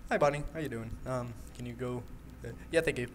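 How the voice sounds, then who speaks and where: A man's voice: medium pitch, fairly quick, slight background noise. A man playing a horror game, joking and nervously talking to the monsters on screen, with a desk microphone. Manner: jumpy and jokey, talking to the animatronics. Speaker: gaming YouTuber. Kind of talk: horror game let's play commentary.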